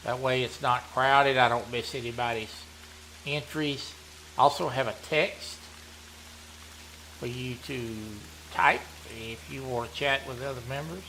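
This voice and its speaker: A man, chatting casually while playing a hunting game, rambling and often clearing his throat. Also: medium pitch, a little slow, sharp tone, a little hiss or hum. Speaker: gaming streamer running a members' community.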